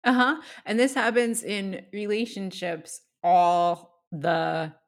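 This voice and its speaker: A woman coach co-hosting a podcast, explaining her craft in a casual, animated way with frequent laughs and everyday examples. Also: mid-range voice, slow. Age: adult.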